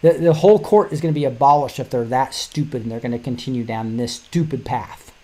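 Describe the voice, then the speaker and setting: Rambling, animated male show host. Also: medium pitch, brisk. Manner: rambling, animated, frequent restarts and chuckles. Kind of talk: casual commentary on news articles.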